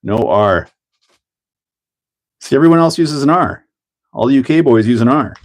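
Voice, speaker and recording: A man's voice: mid-range voice, lively intonation, normal speed. A man hosting a casual hobby livestream, chatting and laughing while he builds a model car and greets viewers by name. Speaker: livestream host.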